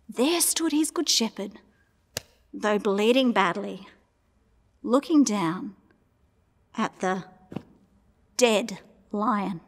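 A woman telling a Bible story to children, animated and acting out sounds and voices as she goes. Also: medium pitch, slow, long pauses, long reverb tail.

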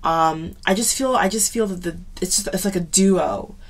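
A woman's voice: fairly low pitch, slightly rough. A woman giving a casual tarot reading to camera, chatty and subdued, often checking in with "okay?" and "you know". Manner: chatty, repeats "okay?" and "you know" often, drags some words slowly; subdued, sighing tone. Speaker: tarot reader.

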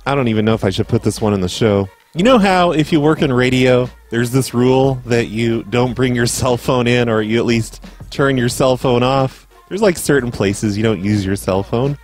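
A man's voice: mid-range voice, moderate pace, faint music behind. A man hosting a prank call show, rambling in a casual, self-mocking and profane way. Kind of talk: casual comedic monologue.

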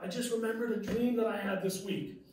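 Guy doing a panicky teen girl voice, high and shrill, super echoey room, mic way off. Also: steady tone, fairly quick, darkish tone, distant mic, slight background noise, lightly acted. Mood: distraught. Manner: exclaiming in high distress. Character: distraught teenage girl student, upset and shrill.

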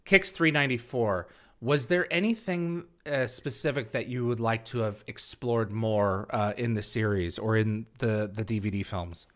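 A man hosting an interview, reading out viewer questions and speaking earnestly and supportively, with some halting. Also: on the low side. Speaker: podcast host. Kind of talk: casual video interview.

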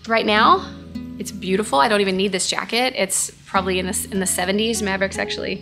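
A woman's voice: mid-range voice, fairly even intonation, fast, gravelly. A woman, hosting a casual question-and-answer chat in an earnest, gushing way that repeats phrases. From Texas. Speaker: host. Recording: music playing in the background.

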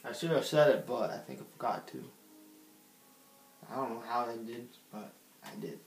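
A man's voice: medium pitch, normal speed. A man giving casual gameplay commentary, rambling and giggly, talking to himself while he plays. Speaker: gaming channel host. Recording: roomy echo.

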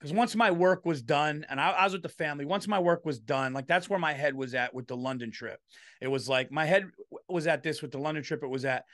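A man hosting a podcast, telling stories in a loud, animated casual chat. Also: fairly high pitch, brisk. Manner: loud, animated storytelling with frequent "dude". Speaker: podcast host. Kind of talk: casual comedic storytelling.

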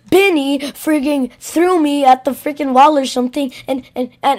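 A woman voicing a roleplay over a game, stammering and breaking into frantic yelling bursts. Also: high-pitched, moderate pace, few pauses. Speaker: gameplay roleplayer. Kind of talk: voiced roleplay over gameplay.

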